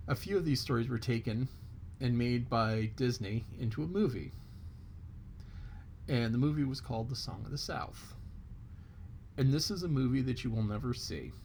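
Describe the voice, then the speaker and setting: A man's voice: mid-range voice, a little mellow, slight background noise. A man telling a folk tale in a casual, chatty way, stopping to explain things as he goes. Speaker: storyteller.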